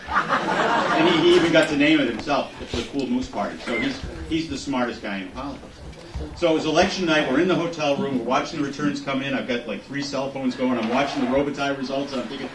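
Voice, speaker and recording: A man's voice: mid-range voice, fast, noisy background. Middle-aged man telling jokes in an echoey hall. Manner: relaxed, joking storyteller. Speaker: political candidate speaking at a fundraiser. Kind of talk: speech with humorous anecdotes. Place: event hall at a fundraiser. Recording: echoey hall heard from a distance.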